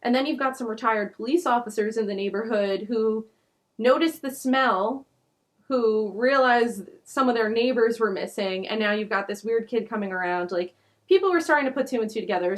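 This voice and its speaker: Casting note: woman, true crime podcast host, casual rambling storyteller, filler-heavy, indignant asides. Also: medium pitch. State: out of breath.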